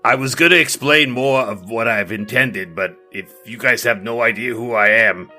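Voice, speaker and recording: A man's voice: mid-range voice, moderate pace, bright, forceful tone, soft background music. A man playing a pompous, boastful male mage king who stammers when flustered, in an improvised tabletop game. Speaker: game master. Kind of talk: improvised tabletop role-play.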